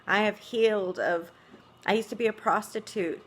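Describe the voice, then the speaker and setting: A middle-aged woman speaks in a gentle, musing way. She fills her talk with "you know" and soft little laughs. Her pitch sits in an ordinary middle range. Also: fairly even intonation, moderate pace, a little hiss or hum. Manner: reflective, soft-spoken, many "you know"s and small laughs. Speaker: vlogger. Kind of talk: casual spiritual monologue.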